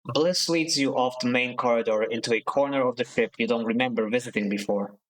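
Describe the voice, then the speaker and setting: A man streaming a story game, reading the narration aloud and adding relaxed, joking asides. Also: medium pitch, fairly quick, poor audio.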